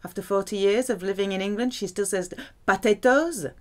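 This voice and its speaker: A French woman teaching vocabulary, pronouncing each word slowly and carefully. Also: mid-range voice, darkish tone. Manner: slow, careful pronunciation drills. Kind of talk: vocabulary lesson.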